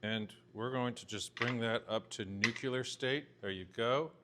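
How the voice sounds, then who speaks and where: Heavy background noise, mostly clattering pans and cutlery, surrounds a man in his fifties as he gives a joking, talkative cooking demonstration in a home-style kitchen. He speaks a little slowly at a medium pitch.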